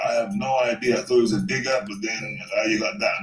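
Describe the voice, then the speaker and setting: A man's voice: lowish voice, steady tone, fast talker. A British man hosting a solo boxing talk stream, rambling, repeating himself and talking to himself. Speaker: boxing talk show host. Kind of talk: solo live-stream chat. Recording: roomy echo, faint music.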